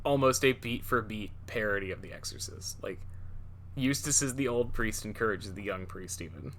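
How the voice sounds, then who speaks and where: A man chatting on a casual podcast, his voice bright and forward. He rambles, restarting sentences and padding them with fillers. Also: on the low side, moderate pace. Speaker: podcast co-host. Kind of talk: casual chat.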